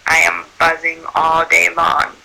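High, gravelly, sharp-toned male storyteller. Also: a little slow, poor audio. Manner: animated, acts out quoted speech. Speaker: birth doula. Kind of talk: personal storytelling.

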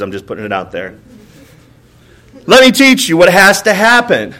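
High-voiced pastor telling funny stories. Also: male voice, a bit bright. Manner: humorous storytelling with acted-out dialogue; asks the crowd "right?" often. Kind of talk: sermon. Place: church.

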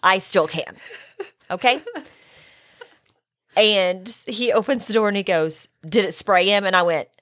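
A middle-aged woman, hoarse from illness, telling a story in casual chat, acting out her own quotes and swearing. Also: mid-range voice, measured pace, long pauses, a bit bright, dry recording, studio quality.

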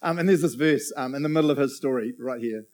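A man with a mid-range voice preaches a casual sermon at a fast clip. He's chatty and jokey, checking in with the crowd after almost every point.

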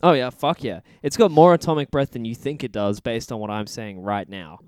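A man's voice: mid-range voice, fairly quick, clear, resonant tone, no echo, studio quality. A young man co-hosting a podcast, swearing and laughing a lot in casual banter. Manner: sweary, laughs often, animated. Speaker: podcast co-host.

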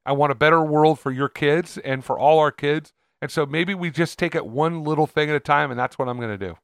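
A man co-hosting a casual podcast chat, talking earnestly with halting restarts. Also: a little high, gravelly, clean tone, no echo, studio quality. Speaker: podcast co-host.

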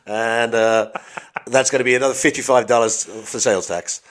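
A man's voice: mid-range voice, fairly even intonation, moderate pace, a bit bright, natural voice. A British man voicing a pushy male American shop cashier in a put-on American accent, with mock-polite sales patter.

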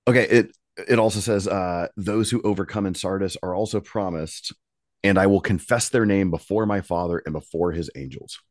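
A man with a low, deep voice takes part in a casual Bible study podcast. He asks curious follow-up questions and reads verses aloud. The sound is close and dry, and his speech is halting, with frequent restarts. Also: no echo. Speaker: podcast co-host.

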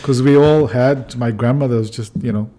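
A man in his forties from South Africa with a South African accent, a priest chatting on a podcast in a lively, slangy way. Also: mid-range voice, normal speed, a crowd in the background. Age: 40s. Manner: lively, slangy, breaks into song. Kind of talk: casual podcast chat.

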